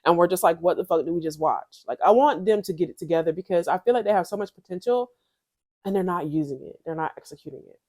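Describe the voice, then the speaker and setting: A woman's voice: on the low side, fast talker, a little mellow. A young woman giving a blunt, profane, slangy review of a reality show in a casual vlog.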